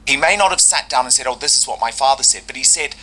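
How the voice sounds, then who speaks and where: A man's voice: mid-range voice, expressive, quick pace, sharp tone. A man giving opinionated podcast commentary, making his case urgently and emphatically.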